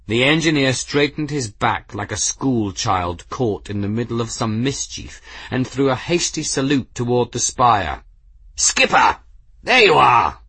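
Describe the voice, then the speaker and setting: A man reading an adventure novel aloud as narrator, in a measured, even storytelling manner. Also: mid-range voice, breathy edge, dry recording. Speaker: audiobook narrator. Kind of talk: scripted narration.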